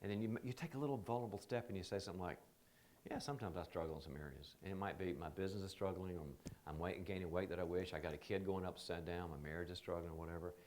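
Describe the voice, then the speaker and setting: A man leading a leadership training seminar, telling animated stories and acting out the people he quotes. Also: sits low, rapid-fire, a little hiss or hum. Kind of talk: seminar talk.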